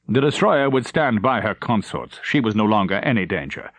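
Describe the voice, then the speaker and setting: A male narrator reading a war novel aloud in a measured, dramatic manner. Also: fairly low pitch, very animated, dry recording. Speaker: audiobook narrator. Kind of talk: scripted narration.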